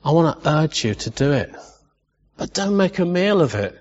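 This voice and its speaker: A man preaching with passion, his somewhat high voice ringing out in a long hall reverb. The sound is dull and lo-fi, as from a church recording. He builds to loud exclamations, then drops to quiet, tender asides. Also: big pitch swings, normal speed. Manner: impassioned, rising to loud exclamations. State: emotional. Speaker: pastor. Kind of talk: sermon.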